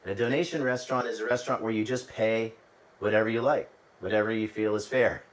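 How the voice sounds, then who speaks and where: A man's voice: on the low side, steady tone, fast, recorded from a distance, poor audio. A man hosting a travel channel, telling stories in a conversational way with restarts and asides to the listener. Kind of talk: casual storytelling monologue.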